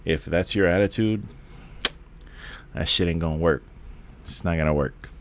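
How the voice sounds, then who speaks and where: Very deep-voiced New man in his forties. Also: normal speed, noisy background. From the Bronx, New York. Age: 40s. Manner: rambling, laid-back, profane, with frequent restarts. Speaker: podcast host. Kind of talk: candid solo podcast monologue.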